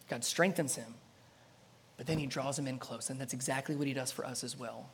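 A pastor preaching a sermon with dramatic delivery, swinging between loud passages and soft ones. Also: mid-range voice, fairly even intonation, a little fast, a little hiss or hum.

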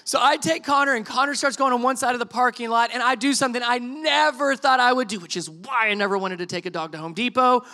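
High, bright-voiced man telling a story. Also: quick pace, few pauses. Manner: animated storytelling, acts out quotes, self-deprecating asides. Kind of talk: sermon illustration told as a story.

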